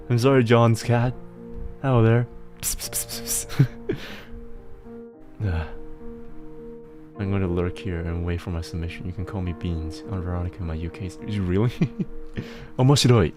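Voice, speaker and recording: A young man with a fairly low voice hosts a live stream in loose, casual chat. He rambles between topics, laughs often and curses without restraint. Quiet music plays softly in the background. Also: normal speed, long pauses. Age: young adult. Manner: swears freely and laughs often, rambling and chaotic. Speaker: streamer host.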